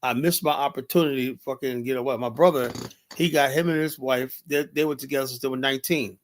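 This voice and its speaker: A man's voice: medium pitch, fairly even intonation, fast, a little hiss or hum. A middle-aged man hosting a livestream, talking off the cuff in a blunt, heated and profane way, rambling and filling gaps with "you know". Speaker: livestream host. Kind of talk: unscripted livestream commentary.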